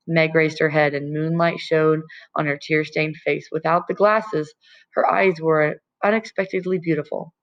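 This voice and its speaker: A woman narrating a novel aloud as an audiobook reader, in a calm, even storytelling manner. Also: deep voice, moderate pace, muffled recording. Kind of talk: scripted narration.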